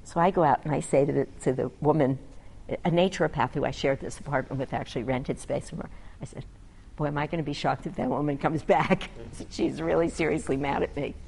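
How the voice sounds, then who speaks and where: A woman doctor with a low, mellow voice tells a story in a casual, conversational way. She speaks earnestly and reflectively, and she acts out both sides of the conversation with her patient. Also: brisk, vocal fry, slight background noise, low-quality recording. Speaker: physician.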